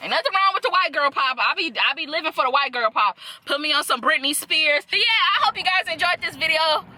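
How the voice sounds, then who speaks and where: Sassy, bright-voiced young woman vlogger. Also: high voice, quick pace. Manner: sassy, profane, animated with laughter. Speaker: reaction video host. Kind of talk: casual reaction chat.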